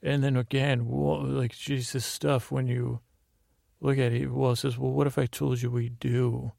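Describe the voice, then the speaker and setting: Man, drowsy rambling recap, very gravelly, monotone delivery, halting with fillers. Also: mid-range voice, no echo, studio quality. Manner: meandering, halting, frequent filler sounds. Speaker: sleep podcast host.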